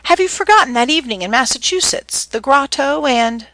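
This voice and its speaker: Soft playful young sister, voiced by a woman, sweet, higher than the narration, dry close mic. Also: animated, fairly quick, no echo. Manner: soft, pleading, lightly playful.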